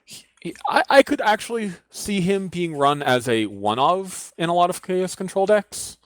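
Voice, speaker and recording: A man's voice: high voice, sing-song, unhurried, no echo. A man co-hosting a casual card game podcast, hedging as he weighs ratings aloud. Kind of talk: casual panel discussion.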